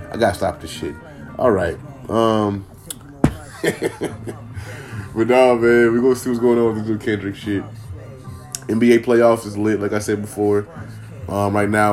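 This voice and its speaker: A man's voice: fairly low pitch, a little mellow. A man from Minnesota hosting a casual solo podcast from home, loose, profane, rambling and joking. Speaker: podcast host.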